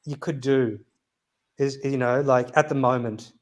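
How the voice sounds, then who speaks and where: A man's voice: medium pitch, steady tone, normal speed. A man with an Australian accent in casual podcast chat, explaining earnestly and repeating himself. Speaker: podcast co-host.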